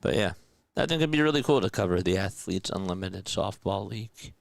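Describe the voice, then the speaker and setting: A young man streaming casual radio-style play-by-play, chatting with viewers in a relaxed way between calls. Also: sits low, brisk, creaky, no echo.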